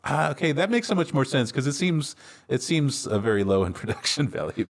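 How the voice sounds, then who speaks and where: A man co-hosting a podcast, casually retelling a film's plot with lots of fillers and quick acted-out lines. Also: medium pitch, sing-song. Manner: rambling recap with many fillers and laughs. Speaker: podcast co-host. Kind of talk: casual movie recap chat.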